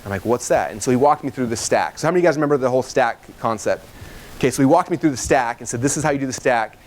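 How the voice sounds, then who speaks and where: A man speaking at a training session, telling stories casually and animatedly, with lots of "like" and quoting himself. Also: medium pitch. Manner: fast and animated, full of "like" and self-quoting. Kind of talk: casual storytelling talk to a live audience.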